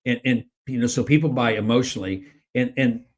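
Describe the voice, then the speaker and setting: A man co-hosting a podcast and teaching sales in casual conversation. He talks with energy, often repeats words as he starts a sentence, and acts out excited and flat sales pitches. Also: brisk. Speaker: podcast co-host and sales trainer.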